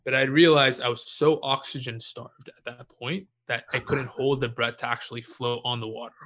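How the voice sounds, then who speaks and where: A young man casually telling a story in a relaxed way, swearing freely and laughing at himself. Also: mid-range voice, moderate pace.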